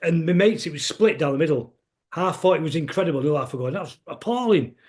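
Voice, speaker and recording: A middle-aged man with a Manchester accent chats as a guest on a podcast. He speaks quickly in a slightly high voice, wandering from story to story and often stopping to restart a thought. His talk is loose and conversational. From England. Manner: rambling, anecdotal, restarts often. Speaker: guest musician. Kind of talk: casual conversation.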